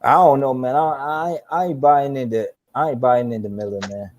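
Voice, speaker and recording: A man's voice: mid-range voice, normal speed, darkish tone, rough recording. A man co-hosting a live boxing talk show, blunt and profane, often restarting his sentences. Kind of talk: casual live-stream chat.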